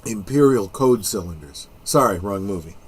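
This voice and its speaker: A man's voice: fairly low pitch, expressive, normal speed, slightly rough. A man hosting a casual watch-along film commentary, making wry, joking asides.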